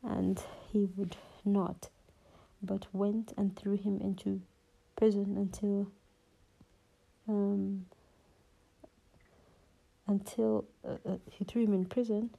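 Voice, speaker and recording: A woman in a whispered Bible reading and teaching, halting and often losing her place and rereading verses. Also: medium pitch, little pitch movement, creaky, mellow, husky, lo-fi sound.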